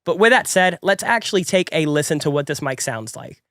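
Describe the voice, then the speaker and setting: A man's voice: fairly high pitch, lively intonation, fairly quick, fairly bright tone, no room sound, clean studio sound. A young man with a stuffy, cold-affected voice, hosting a music production tutorial in an upbeat, chatty, rambling way. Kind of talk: casual tutorial talk.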